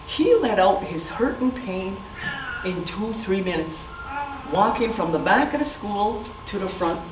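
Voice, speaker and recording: A woman's voice: on the high side, animated, moderate pace, noisy background. A middle-aged woman giving a community presentation, telling stories and asking the audience questions. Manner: storytelling, asks audience questions. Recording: echoey room from far off.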